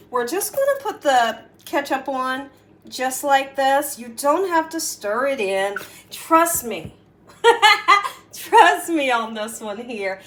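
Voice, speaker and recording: In her home kitchen, a woman hosts a chatty, coaxing cooking demonstration, often checking in with "okay?" and "right?". Her voice is on the high side, and the room sounds echoey.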